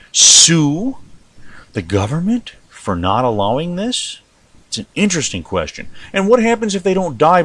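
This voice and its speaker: Male host, opinionated and rambling, lively delivery, dry close mic. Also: mid-range voice, no room sound. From United States. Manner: rambling, animated, asks rhetorical questions. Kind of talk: opinionated news commentary.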